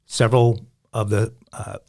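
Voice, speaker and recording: A man hosting a podcast, telling a news story with a somewhat low voice. He speaks conversationally, with frequent "uh" fillers between phrases. The delivery is easygoing. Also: flat delivery, a little slow, vocal fry, dark tone. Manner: narrates news story, laughs easily, some fillers. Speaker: podcast host.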